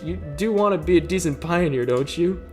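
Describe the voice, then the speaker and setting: A man's voice: on the high side, normal speed, darkish tone, soft background music, natural voice. A man voicing a stern female camp leader in a bossy, mock-polite way.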